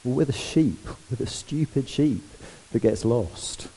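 Dark-voiced man preaching. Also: medium pitch, unhurried, slightly rough, low-quality recording. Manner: lively, conversational, asks the congregation questions. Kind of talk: sermon.

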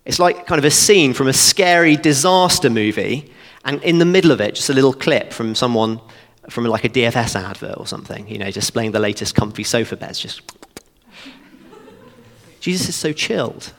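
A man preaching a sermon, walking through a passage verse by verse in an animated, conversational way with joking asides. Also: mid-range voice, a little fast. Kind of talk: expository sermon. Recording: long reverb of a church hall.

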